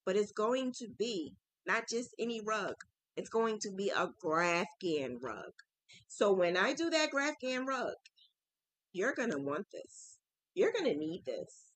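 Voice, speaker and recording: A woman chatting to her viewers about crochet, chatty and excitable, often saying "like" and "oh my God". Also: mid-range voice, measured pace, no echo, low-quality recording. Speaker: crochet vlogger. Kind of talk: casual chat to viewers.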